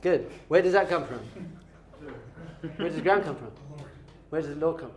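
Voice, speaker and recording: Animated rabbi teaching a class. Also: male voice, a little high, unhurried. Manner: animated, playful, quizzing the audience. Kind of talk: lively classroom teaching with questions to students.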